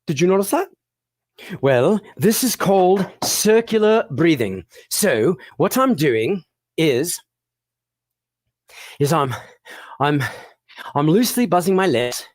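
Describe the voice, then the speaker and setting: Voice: mid-range voice, big pitch swings, slow pace, pauses often, no room sound. A performer presenting an educational show for children, playful and encouraging, often laughing and asking the audience questions. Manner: addresses the audience directly with questions.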